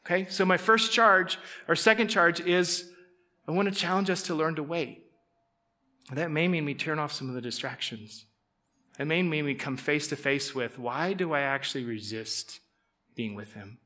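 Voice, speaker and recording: Male preacher, higher than average, bright tone, chatty sermon delivery with playful asides. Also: normal speed. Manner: conversational, jokes with the audience, acts out inner voices. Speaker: pastor.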